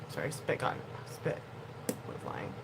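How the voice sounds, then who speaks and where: A woman YouTuber talking casually to her camera in an animated, expressive way, moving between quiet asides and loud bursts. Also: heavy background noise.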